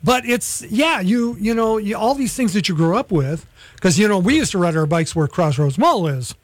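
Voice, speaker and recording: A man's voice: high-pitched, lively intonation, normal speed, no room sound. A middle-aged man hosting a local morning radio show, chatting casually and nostalgically with many restarts. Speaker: radio host.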